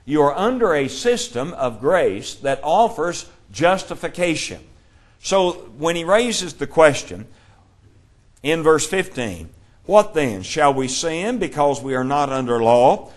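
A man teaching a Bible class, explaining scripture in a measured way and reading verses aloud. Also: a little high.

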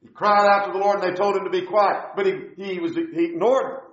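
A man's voice: sits high, steady tone, brisk, fairly bright tone. A man preaching a sermon, emphatic, repeating key phrases and quoting scripture. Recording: echoey, dull church recording.

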